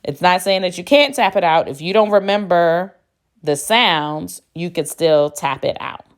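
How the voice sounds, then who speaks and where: A woman teacher giving a phonics spelling lesson, speaking slowly and deliberately and spelling words out letter by letter. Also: fairly low pitch, expressive. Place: classroom.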